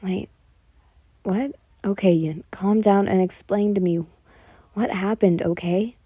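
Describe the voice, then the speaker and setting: A flat, monotone teenage boy hero, calm and quietly soothing, as a woman reads his lines. The tone stays mellow and close, in a dry room. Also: mid-range voice, takes it slowly, husky, no echo, lo-fi sound.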